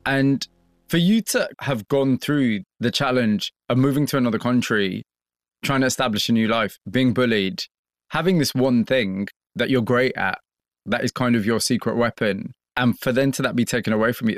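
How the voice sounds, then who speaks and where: Male radio host, mid-pitched, measured and empathetic, dry close-mic studio read. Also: no echo. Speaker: radio interviewer and presenter. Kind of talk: broadcast interview with scripted narration.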